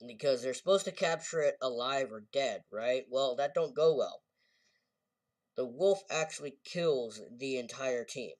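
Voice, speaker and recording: A man's voice: mid-range voice, measured pace, darkish tone. Rambling man in an echoey room. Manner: rambling, self-correcting storyteller. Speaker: game reviewer. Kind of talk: casual plot recap. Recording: very echoey, voice far from mic.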